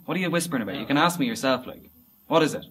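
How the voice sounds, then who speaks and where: Casting: a man as a hesitant, rambling acquaintance with a short fuse, mid-pitched voice, faint noise behind. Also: lively intonation, very fast, fairly bright tone, recorded from a distance, natural voice, poor audio. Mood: irritable. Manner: hesitant and rambling, turning into short-tempered swearing. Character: irritable man who knew the fork-man as a child. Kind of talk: mockumentary acting.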